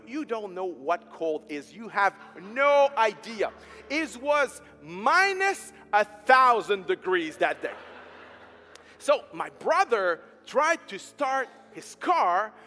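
A man preaching a storytelling sermon, emphatic, swinging between loud and soft. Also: sits high. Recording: hall reverb with faint music behind.

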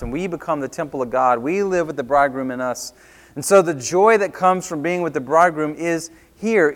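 Man, pastor, sermon, earnest and emphatic, slightly high voice. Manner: earnest, emphatic preaching with frequent restarts.

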